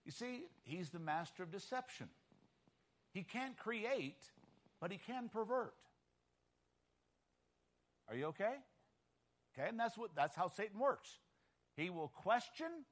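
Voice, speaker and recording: A man's voice: high voice, lively intonation, a little slow, long pauses. A man preaching a sermon emphatically and often checking in with his listeners.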